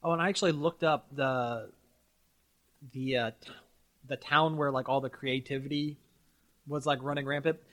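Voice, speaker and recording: A man hosting a casual podcast chat, animated and often stumbling and repeating his words. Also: mid-range voice, moderate pace, long pauses. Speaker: podcast host.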